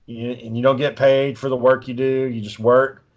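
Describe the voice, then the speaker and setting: A man's voice: mid-range voice, little pitch movement, normal speed. A man telling a long story in a casual, profane, rambling way as a podcast co-host. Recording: dull lo-fi recording.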